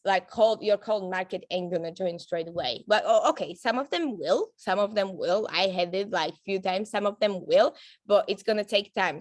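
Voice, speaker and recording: In a medium-pitched voice with no echo, a woman gives her team a casual, upbeat training talk. She's a network marketing trainer, chatty and quick to laugh, with frequent fillers and restarts.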